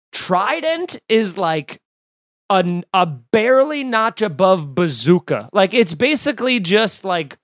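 A man's voice: high voice, no room sound, clean studio sound. Exasperated man telling a comic story. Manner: animated, exasperated, lots of fillers and restarts. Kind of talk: casual comedic storytelling.

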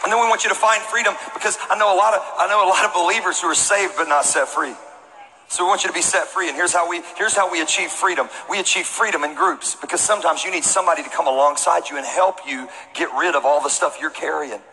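Bright-voiced, animated storytelling pastor. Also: male voice, sits high, quick pace, in a large hall, a little hiss or hum, poor audio. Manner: animated, comic storytelling, shouts punchlines. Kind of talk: storytelling sermon. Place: church auditorium with congregation.

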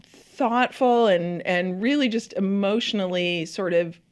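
Speaking a little slowly in a medium-pitched, clean voice, this woman co-hosts a casual TV chat and is described as a podcast co-host. She is chatty and gushing, laughs often, and uses lots of fillers.

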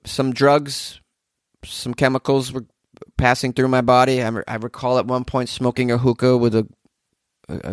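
A hungover man hosting a podcast, reading odd news stories with rambling, sarcastic commentary and low energy. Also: no echo, studio quality. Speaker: podcast host.

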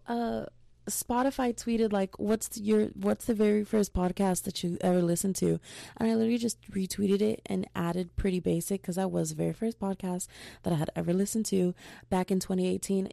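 A woman's voice: lowish voice, moderate pace, vocal fry, no echo, clean studio sound. A young woman hosting her own podcast, chatting casually and telling gossipy stories with lots of slang and energy. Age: young adult. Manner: gossipy, animated, slangy storytelling. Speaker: podcast host. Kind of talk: casual solo podcast chat.

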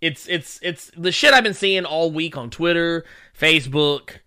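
A man's voice: a little high, measured pace, pushed and bright, smooth. A man in his thirties hosting a casual livestream, ranting with profanity and laughing often while he reacts to chat. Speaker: livestream host.

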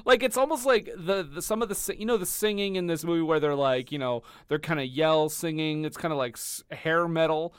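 A man's voice: fairly high pitch, a little fast, hardly any pauses, smooth, no echo, studio quality. A man co-hosting a casual movie podcast, joking and retelling scenes with animation. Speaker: podcast co-host. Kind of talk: casual chat.

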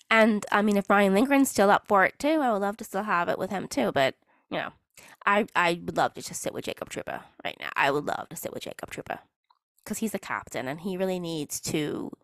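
A woman's voice: mid-range voice, dry recording, studio quality. A woman hosting her own podcast, talking in a chatty, rambling way and often stopping mid-sentence to restart. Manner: chatty, rambling, self-interrupting. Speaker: podcast host. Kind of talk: casual solo podcast monologue.

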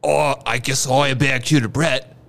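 A man's voice: mid-range voice, fairly even intonation, normal speed, vocal fry, a bit bright. A man voicing a cocky male treasure hunter with playful, jokey bravado.

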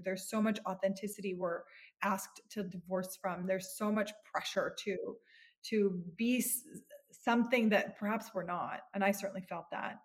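A woman in her thirties, a psychotherapist, speaking earnestly and reflectively as a podcast guest, often restarting her phrases. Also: medium pitch. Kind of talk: podcast interview.

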